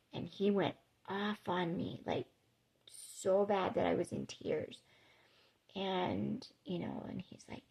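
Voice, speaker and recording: A woman's voice: medium pitch, steady tone, unhurried, vocal fry, darkish tone. A woman vlogger telling a personal story in an emotional, conversational way with many fillers.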